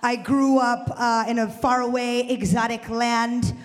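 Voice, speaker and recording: Stand-up guy from the chicago suburbs, animated, jumps into loud bits, long echo from a warehouse show space. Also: extremely high pitch, unhurried. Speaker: stand-up comedian. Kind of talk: stand-up set. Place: warehouse art space before a live audience. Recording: live venue reverb.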